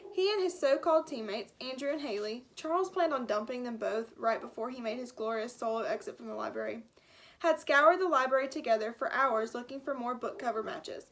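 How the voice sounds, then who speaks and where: A woman teacher reads a children's novel aloud with a high, bright voice. She throws herself into each character and stops now and then for a friendly aside to her class. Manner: lively, animated character voices with asides and laughs. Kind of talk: storybook read-aloud.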